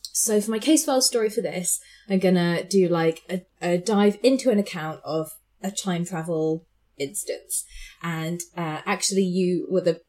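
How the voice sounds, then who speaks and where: A woman's voice: on the low side, normal speed, a little mellow. Chatty laughing woman podcast co-host. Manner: chatty, laughs often, many fillers. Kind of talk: casual chat and storytelling.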